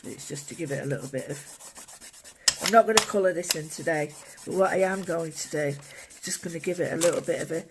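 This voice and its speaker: An art instructor giving a calm, gentle, casual drawing and painting tutorial, thinking aloud while working at a desk indoors. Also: medium pitch, fast, very noisy.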